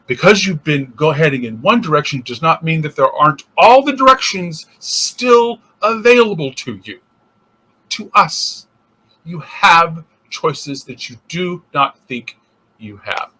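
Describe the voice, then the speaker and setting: Bright, high-voiced man teaching casually. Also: animated, measured pace. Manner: thinking aloud with restarts and acted-out inner voices. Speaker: interfaith minister. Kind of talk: casual spiritual teaching talk.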